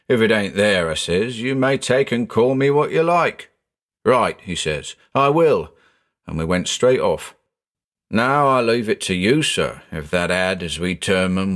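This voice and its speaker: A man's voice: lowish voice, animated, normal speed, fairly bright tone. A man voicing a chatty working-class male tram conductor who rambles in thick dialect, in a storybook reading. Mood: aggrieved.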